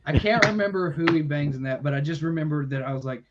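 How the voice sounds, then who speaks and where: A man's voice: on the high side, fast, highs cut off, very noisy. A young man co-hosting a podcast, sarcastic and teasing his friends. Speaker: podcast co-host. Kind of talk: casual banter.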